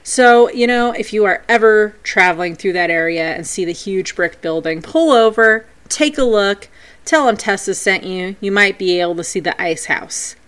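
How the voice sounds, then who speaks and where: In a medium pitch at normal speed, with a clean tone, a woman hosting a podcast shares stories of her paranormal investigations, animated and playful despite being scripted.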